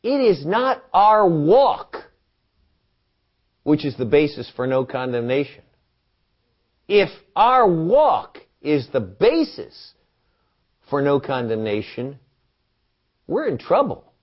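Animated slow-talking Bible teacher, a man. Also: a little high, dull audio. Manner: animated, asks the listeners questions and quotes scripture.

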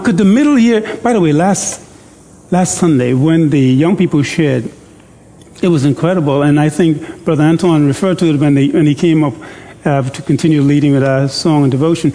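In a large hall, a male preacher with a fairly high, mellow voice delivers an interactive sermon. He cracks jokes, coaxes the congregation into call-and-response, and reads scripture slowly and deliberately.

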